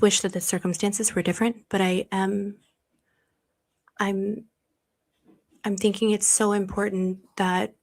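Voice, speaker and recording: A woman hosting a live stream, chatting casually and reading viewer comments in a bubbly, effusive way, laughing often and rambling with many restarts. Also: medium pitch.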